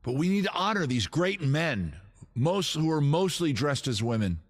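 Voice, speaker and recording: A man's voice: on the high side, big pitch swings, moderate pace. Middle-aged guy hosting a goofy stream, rambly, jokey, hams up his big announcements. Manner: jokey, rambling, playfully grandiose. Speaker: host. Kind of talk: casual comedy livestream.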